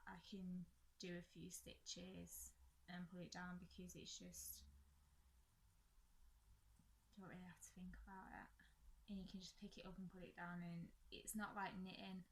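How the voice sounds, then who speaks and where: A woman's voice: fairly low pitch, creaky, a little hiss or hum, low-quality recording. A young woman chatting casually about her crafts while getting over a chest infection, rambling and poking fun at herself. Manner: chatty, rambling, self-deprecating. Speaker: crafting podcast host. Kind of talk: casual chat.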